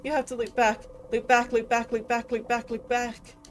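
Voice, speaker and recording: A woman voicing a panicked young adventurer who shouts and pleads in a video game. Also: fairly high pitch, level tone, moderate pace, lightly acted. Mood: frantic. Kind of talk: reading a video game aloud with voices.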